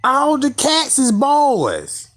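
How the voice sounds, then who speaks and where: A man's voice: very high-pitched, huge pitch swings, very slow, fairly bright tone. A man giving heated, profane reaction commentary in slang, addressing his viewers directly. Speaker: online commentator.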